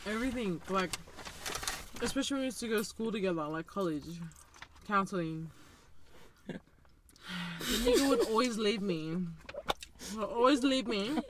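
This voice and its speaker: A woman co-host chats casually, telling relaxed, joking family stories. Clear noise sits behind her voice. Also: mid-range voice, normal speed, pauses often. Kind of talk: casual chat.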